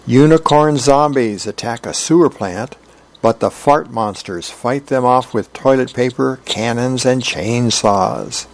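A man voicing an excited young boy while reading a newspaper comic strip aloud. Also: measured pace, close to an everyday voice. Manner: high eager childish voice.

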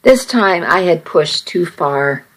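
A woman reading a first-person romance story aloud in a steady, measured way. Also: lowish voice, rough recording.

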